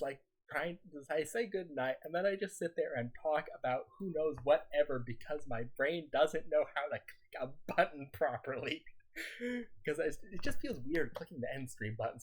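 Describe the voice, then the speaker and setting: While streaming a game, a man chats casually and rambles to his viewers, laughing a lot. He talks on in a raised pitch, and his throat sounds a little scratchy.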